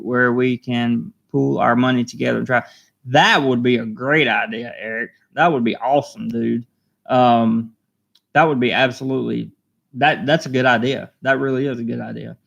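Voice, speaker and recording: A man hosting a live stream, reading viewer comments aloud, emotional and halting, repeating himself and choked up. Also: mid-range voice, steady tone, creaky, a bit bright.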